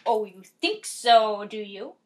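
A woman voicing a big, fearless male billy goat who talks quickly and brashly. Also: mid-range voice, animated, noisy background. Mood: defiant.

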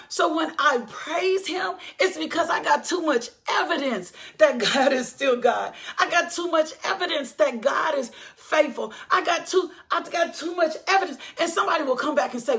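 High-voiced woman preaching testimony. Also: lively intonation, normal speed. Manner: preachy, repetitive, building to shouts. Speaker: podcast host. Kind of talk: emotional faith testimony.

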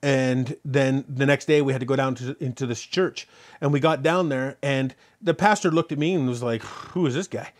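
A man's voice: mid-range voice, normal speed. A man preaching a sermon as pastor, telling a story and then driving points home with repeated rhetorical questions. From Canada. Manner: animated preaching, rhetorical questions, rising loud on key points.

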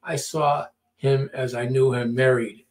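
A man's voice: mid-range voice, fairly even intonation, measured pace, darkish tone. A middle-aged man telling a story in casual talk, acting out quotes and often repeating words. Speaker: podcast storyteller.

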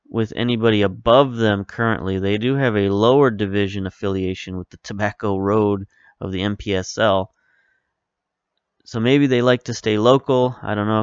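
A man with a fairly low, clean-toned voice hosts a let's-play video game series, offering relaxed commentary over gameplay. He rambles through his thoughts and often stops to correct himself. The sound is lo-fi with no room sound.

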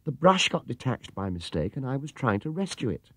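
A man's voice: mid-range voice, very animated, a little fast, breathy edge, dry recording, pitched above the performer's own voice. A man voicing a polite, earnest young male bear who sounds muffled and apologetic.

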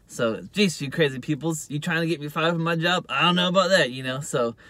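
Man, phone vlogger, rambling filler-heavy chat; bright, slightly high voice. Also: fairly quick, no echo. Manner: rambling, heavy use of "you know" fillers. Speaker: YouTube vlogger. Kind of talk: casual rambling monologue to camera.

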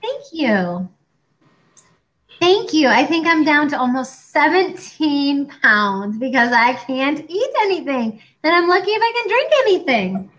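A woman in her forties co-hosting a casual chat, talking in a chatty, animated way and acting out other people's lines. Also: high-pitched, a little slow, rough recording. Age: 40s. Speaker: co-host.

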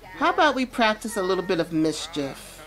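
A woman's voice: mid-range voice, sing-song, moderate pace, faint music behind. A woman giving casual let's-play commentary, chatting about what her game characters feel. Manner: chatty, narrates characters' feelings. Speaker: gameplay commentator.

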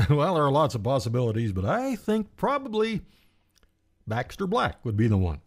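A man's voice: medium pitch, normal speed. A man hosting a western radio program in a folksy, chatty way. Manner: lively, folksy. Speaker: radio host.

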